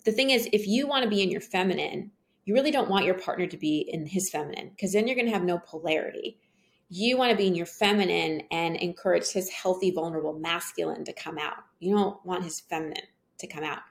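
Gravelly low-voiced woman guest. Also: brisk. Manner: earnest, animated storytelling. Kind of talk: casual interview conversation.

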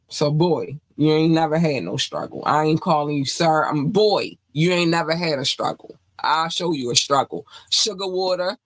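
A woman's voice: low voice, no echo, rough recording. Blunt, scolding podcast host woman. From North Carolina, USA. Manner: scolding, blunt and profane rant. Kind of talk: entertainment news podcast commentary.

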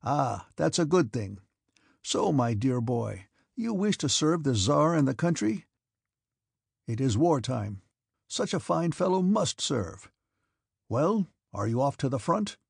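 A man reading the part of a cranky, abrupt old prince with sharp, mocking outbursts. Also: mid-range voice, sing-song, slow pace, gravelly, husky, no echo, studio quality, exaggerated voice. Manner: barking, mocking, piercing outbursts.

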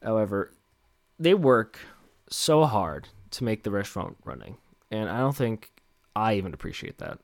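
A man's voice: lowish voice, sing-song, normal speed, creaky, no echo. A young man hosting a solo podcast and speaking into a handheld microphone. He rambles and mocks himself, with many fillers. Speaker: podcast host. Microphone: handheld microphone with headphones.

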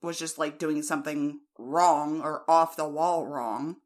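An American woman in casual chat, relaxed and easily amused. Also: low voice, unhurried. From United States.

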